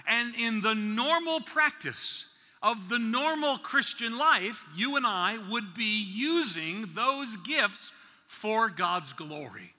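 A man from the New York City area preaching at a conference, slowing down to stress key words and dropping in playful asides. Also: high voice, bright, forceful tone. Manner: slow deliberate emphasis, playful asides. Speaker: conference speaker. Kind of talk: sermon. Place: large conference hall. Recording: reverberant hall.

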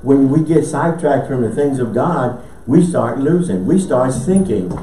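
A man's voice: medium pitch, lively intonation, moderate pace, warm tone. A male pastor preaching a sermon with call-and-response, emphatic, repeating phrases and breaking into laughter. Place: church sanctuary. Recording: echoey church, mic at a distance, faint noise.

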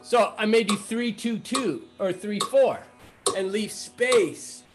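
A man teaching rhythm in a casual music lesson, chanting rhythm syllables between relaxed explanations. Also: high voice, slow. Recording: noisy recording with clicks.

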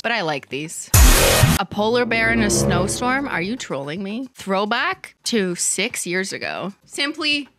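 A woman's voice: medium pitch, lively intonation, measured pace, over music. A woman in her thirties hosting a livestream, roasting viewers' work with sarcastic, teasing remarks and frequent laughter. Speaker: nail art YouTuber and livestream host.

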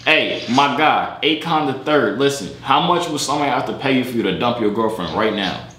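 A young man vlogging late at night, blunt and teasing in a deep, sleepy voice. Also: expressive, fairly quick, sharp tone, reverberant, slight background noise. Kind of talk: casual video chat banter. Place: bedroom at night.

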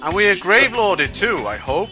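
A man's voice: high voice, lively intonation, moderate pace, sharp tone, faint music behind. A man with a Welsh accent chatting and joking while playing a co-op game. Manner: jokey, laughing banter. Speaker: co-op player. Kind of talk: casual gaming chat.

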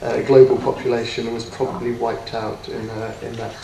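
A man gives a talk in a lecture room, heard from some way off the mic with an echoey room around him. His delivery is halting and self-deprecating, full of ums and false starts. A faint hiss sits under the voice. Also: medium pitch, little pitch movement, vocal fry, dark tone, distant mic. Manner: hesitant, many ums and restarts, self-deprecating. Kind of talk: autobiographical lecture.

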